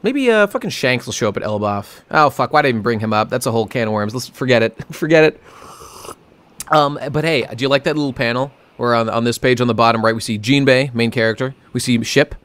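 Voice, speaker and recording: A man co-hosting a casual manga discussion podcast, animated and sarcastic, often slipping into quick mock voices for characters. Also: mid-range voice. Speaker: podcast co-host.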